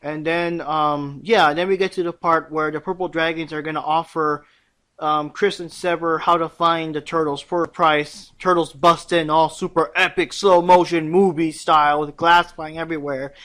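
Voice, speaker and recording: A man's voice: on the high side, moderate pace. A young man co-hosting a casual fan chat, recapping a cartoon episode and acting out lines of dialogue. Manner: animated, acts out quotes in voices. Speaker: podcast co-host.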